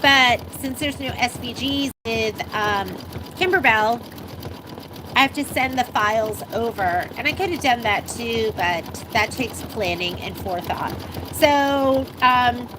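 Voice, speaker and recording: A woman's voice: a little high, a little slow, noisy background. A woman hosting a casual live sewing demonstration, chatting with viewers, answering their questions and laughing often. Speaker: sewing shop host. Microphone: handheld phone while filming.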